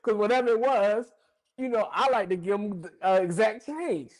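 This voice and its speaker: A man's voice: high-pitched, normal speed, rough recording. A man with a Philadelphia accent hosting a casual chat, telling a story in loose street slang and laughing often. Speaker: host.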